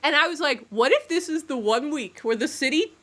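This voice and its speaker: Woman podcast co-host: high-pitched and bright, animated storyteller in relaxed chat, laughs a lot. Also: a little fast. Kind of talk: casual chat.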